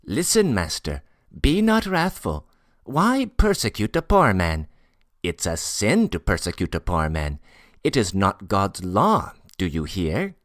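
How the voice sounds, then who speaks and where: A man's voice: huge pitch swings, a little slow, fairly bright tone, no echo, clean studio sound, exaggerated voice. A man voicing a sly, impudent male Tatar porter who talks in an emphatic, mysterious way. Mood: pleading. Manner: high, emphatic, pleading and mysterious.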